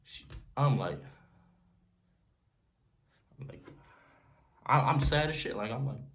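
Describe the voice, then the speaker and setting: Animated young man telling a story. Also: medium pitch, takes it slowly, vocal fry. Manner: animated, slangy storytelling with frequent "you feel me". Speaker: vlogger. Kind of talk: casual storytime.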